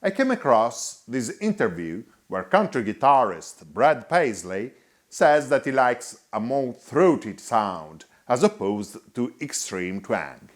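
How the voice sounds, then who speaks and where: A man narrates a scripted guitar review voice-over in a measured, explanatory way. He speaks slowly with a sing-song quality, his pitch constantly moving up and down.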